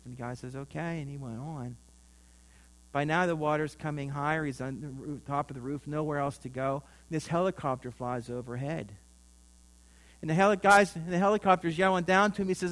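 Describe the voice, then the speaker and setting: A man's voice: a little high, moderate pace, a bit bright. Man preaching a sermon, faint hum. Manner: storytelling, rising and falling emphasis.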